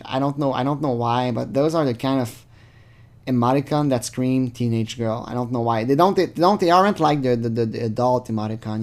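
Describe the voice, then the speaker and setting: A man hosting his channel, giving rambling, sarcastic casual commentary full of fillers. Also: medium pitch. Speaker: channel host. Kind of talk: casual commentary reading chat logs.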